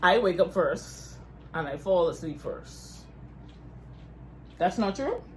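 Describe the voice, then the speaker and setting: A woman's voice: lowish voice, very animated, slow, a little mellow, a little hiss or hum. A young Bahamian woman co-hosting a couples Q&A, chatting casually and laughing often. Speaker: YouTube couple co-host.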